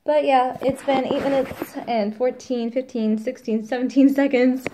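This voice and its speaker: A woman's voice: high voice, fairly even intonation, normal speed, warm tone, slight background noise. A woman, a new mother, chatting casually in a rambling vlog, quoting the people around her.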